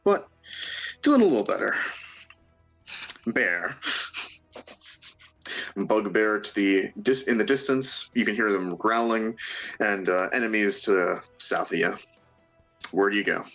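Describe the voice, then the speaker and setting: A man narrating as game master of a tabletop game, halting, with many fillers and restarts, often laughing. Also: on the low side, lively intonation, fairly bright tone, soft background music.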